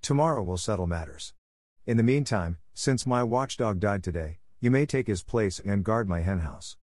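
Guy doing a mad rough farmer, stern, dry close audio. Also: lowish voice, expressive, fairly quick, a little mellow, dry recording. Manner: angry, rough.

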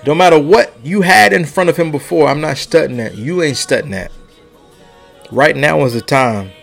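Preacher, high voice, fervent repeating cadence, soft music under him. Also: male voice, normal speed, gravelly. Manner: impassioned, rising and falling, repeating lines. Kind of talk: sermon.

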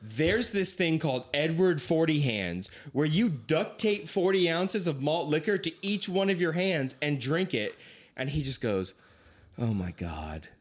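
Animated young man telling stories. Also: unhurried. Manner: animated, acts out quoted voices with big pitch swings. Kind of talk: casual storytelling chat.

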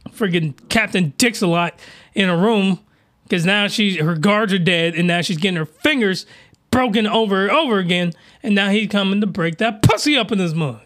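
Male podcast host, animated, crude, high-pitched, bright tone. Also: normal speed. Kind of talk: reaction commentary.

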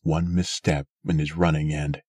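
A man narrating a story aloud in a steady, measured way. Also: a bass voice, slightly rough, dry recording, clean studio sound. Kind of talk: scripted audiobook narration.

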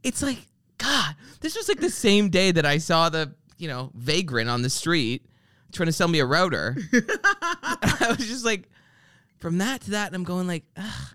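The man speaks at a measured pace in a high voice, recorded in studio quality with no room sound. Hosting a podcast, he tells ranting, comic stories casually and swears freely. He brings his anecdotes to life by mimicking the people in them.

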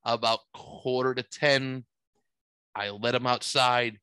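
A man in his forties, with a mid-range voice and a clean tone, takes his time telling a long, rambling story in casual chat. He's an animated storyteller who swears constantly. The recording is dry and rough.

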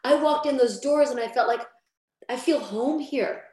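A woman's voice: high voice, normal speed, a little mellow. A woman hosting an interview, speaking reflectively and affirming her guest. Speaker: interviewer, podcast host. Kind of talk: casual interview chat. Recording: echoey room.

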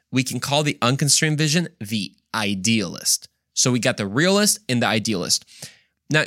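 A mid-range, fairly bright male voice hosts a Christian podcast, recorded dry at studio quality. The monologue is emphatic and full of rhetorical questions, with frequent repetition and restarts.

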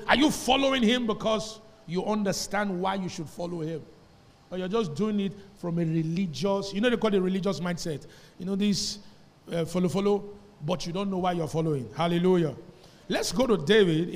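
A man preaching a sermon, quizzing his congregation with call-and-response questions and rising to loud emphasis. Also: high voice. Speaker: pastor. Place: church sanctuary. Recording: church hall reverb.

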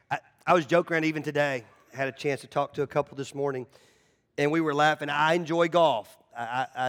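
Animated, high-voiced male pastor preaching. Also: brisk. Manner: animated storytelling, repeats words, acts out voices. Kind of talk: conversational sermon.

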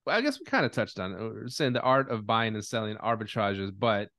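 A man's voice: fairly low pitch, lively intonation, brisk, a bit bright, no echo, studio quality. A man hosting a podcast in casual chat, talking bluntly with lots of profanity and restarts. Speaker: podcast host.

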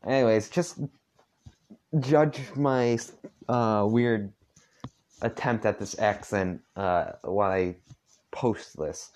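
A man's voice: lowish voice, slow, long pauses, darkish tone. A man reading a fan story aloud in a casual, rambling way, stopping for asides. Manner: rambling, with many fillers. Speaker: fanfic reader.

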